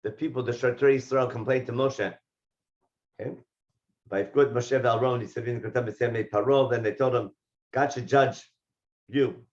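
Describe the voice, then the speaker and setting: A man teaching a Torah class, reading Hebrew verses and explaining them in English, and getting lively when he voices the figures in the text. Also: mid-range voice, normal speed, long pauses, highs cut off. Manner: animated when voicing the speakers in the text. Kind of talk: text study lesson.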